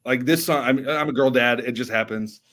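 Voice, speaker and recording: An excitable young man talking in a casual podcast chat. He gushes about music, sometimes singing a line or scatting, and his pitch stays in a middle range. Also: brisk. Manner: enthusiastic, sings snatches of songs. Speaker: podcast co-host.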